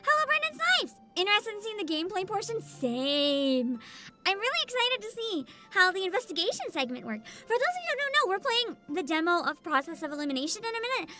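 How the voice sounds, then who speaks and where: Brisk and bubbly, this VTuber talks casually to her livestream audience in a high, youthful voice over background music. She is animated and swears a lot.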